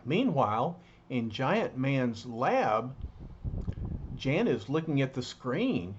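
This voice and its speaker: A man reading a comic book aloud in an animated, chatty way with little asides. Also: mid-range voice, slow pace, muffled recording, a little hiss or hum. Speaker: storyteller.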